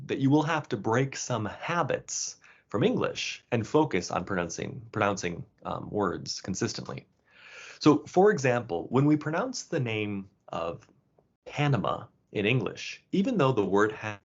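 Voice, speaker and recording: Low-voiced man teaching a language lesson. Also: creaky. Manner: casual, with fillers and restarts. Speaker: language course instructor. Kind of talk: explanatory lesson narration. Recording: dull lo-fi sound.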